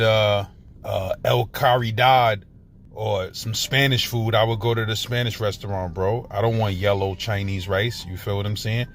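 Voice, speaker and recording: A man's voice: on the low side, fairly bright tone. A middle-aged man with a New York accent, talking in a loose, slangy way as he vlogs about food on a city street. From Brooklyn, New York. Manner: streetwise slang, tags every line with "you heard?". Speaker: food vlogger. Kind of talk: casual food vlog.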